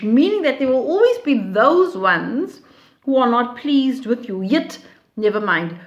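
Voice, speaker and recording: A woman with a somewhat high voice talks through a play at a slow, deliberate pace. She reads quoted lines aloud with feeling, then explains them in plain, reflective terms. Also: sing-song. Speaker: literature teacher.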